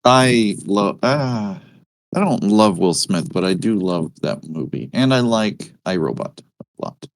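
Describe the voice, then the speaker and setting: A man in casual chat, animated and blunt, joking and swearing with his co-host. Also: fairly low pitch, measured pace, no room sound.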